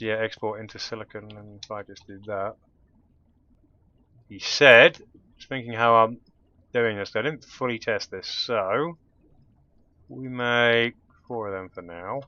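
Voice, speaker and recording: Man, bright voice, let's play commentary, thinking aloud, muttering, dull lo-fi recording. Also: medium pitch. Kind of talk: casual gameplay commentary.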